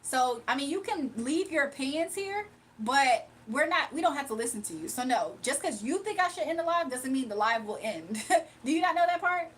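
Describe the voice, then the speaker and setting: Woman, livestream host, high voice, blunt, sassy, casual comment-reading. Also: lively intonation, normal speed, a bit bright, slight background noise. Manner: blunt, sassy, laughs often.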